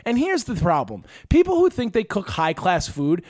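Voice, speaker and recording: A man hosting a casual podcast, ranting and swearing freely as he tells animated stories. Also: sits high, moderate pace, no room sound, studio quality. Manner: profane, ranting, animated storytelling. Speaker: podcast host.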